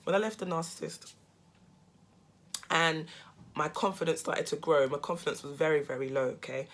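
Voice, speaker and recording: A woman speaks casually to her camera in a self-help vlog, her voice crisp and bright. She presses each point hard and keeps checking in with "okay?" and "right?", and she sometimes turns loud with laughing asides. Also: low-pitched, normal speed. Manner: emphatic, repeats "okay?" and "right?".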